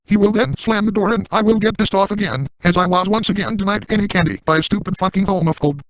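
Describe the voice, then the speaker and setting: A man voicing a crude, boastful young boy prankster, who narrates his plans in a flat, matter-of-fact way as a comedic monologue. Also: high voice, quick pace, no room sound, close to an everyday voice, poor audio. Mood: smug.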